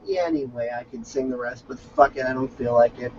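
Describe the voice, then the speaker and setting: A man's voice: mid-range voice, lively intonation, fairly quick, creaky, few pauses, a little mellow. A man co-hosting a comedy chat, loose and joking, swearing freely. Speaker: podcast co-host. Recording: dull lo-fi audio with faint hiss.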